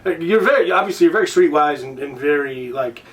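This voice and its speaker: A man from Illinois with a somewhat high voice hosts a loose, casual conversation. He rambles and restarts his sentences and swears freely. He sits a little back from the microphone. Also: animated, a little fast, a bit bright, distant mic. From Illinois, United States. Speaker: podcast host. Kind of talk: casual interview chat. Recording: voice a bit off-mic.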